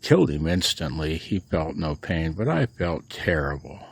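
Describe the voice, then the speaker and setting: A man's voice: a bass voice, big pitch swings, moderate pace, creaky, breathy edge. A sleepless man telling a rambling story to camera in a casual vlog, often chuckling. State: sleepless, late at night. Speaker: amateur radio vlogger.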